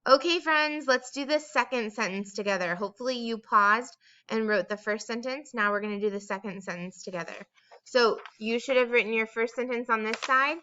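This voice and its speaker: A woman teacher giving a recorded dictation lesson to young children, speaking in a slow, sing-song way and stretching out word sounds. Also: a little high, pushed and bright, smooth, muffled recording.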